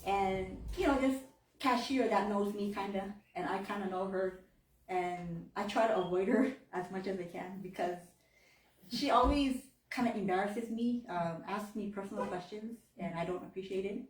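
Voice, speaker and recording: A woman's voice: medium pitch, moderate pace. A woman in her thirties from gives a candid personal faith talk in church, acting out quoted voices and laughing often. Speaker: church member giving a talk. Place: church hall. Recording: roomy, from far off the mic.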